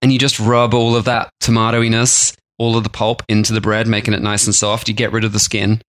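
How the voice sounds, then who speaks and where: A man's voice: lowish voice, completely flat delivery, a little fast, fairly bright tone, dry recording. A man co-hosting a food podcast, chatting casually and jokily, often slipping into silly voices for imagined people. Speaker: podcast co-host.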